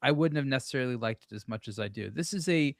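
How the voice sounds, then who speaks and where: A man chatting casually on a watch panel show, wry and joking, talking in quick bursts. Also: medium pitch, lively intonation, vocal fry, no echo, studio quality. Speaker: watch blogger and show regular.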